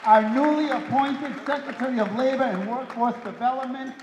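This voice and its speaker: A man's voice: very high-pitched, normal speed, echoey room, in a large hall, crowd noise, background noise. A man hosting a breakfast event as emcee, introducing the head table with playful teasing jokes. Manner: playful, teasing, punchline timing. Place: hotel ballroom event.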